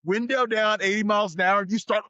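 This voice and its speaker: Male guest, high voice, lively storyteller doing voices, dry close sound. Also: fast talker, dry recording, muffled recording. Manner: acts out voices and shouts in his stories. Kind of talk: animated storytelling.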